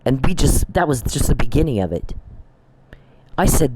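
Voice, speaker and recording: A man's voice: mid-range voice, big pitch swings, moderate pace, pauses often, noisy background. Taunting, profane man ranting. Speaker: online commentator. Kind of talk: angry rant to camera. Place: Oklahoma.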